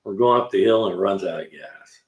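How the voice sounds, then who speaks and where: A man's voice: low voice, fairly quick, narrow, tinny audio. A man hosting a live stream in his garage, chatting casually and telling rambling stories to his viewers. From California. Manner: rambling, talkative storyteller with slang. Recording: roomy echo.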